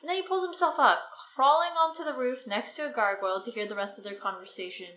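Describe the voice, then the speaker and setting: A woman co-hosts a casual book discussion podcast, retelling the story chattily with lots of "like" and "right." She talks fast in a fairly high, fairly bright voice. The room is echoey, with faint noise.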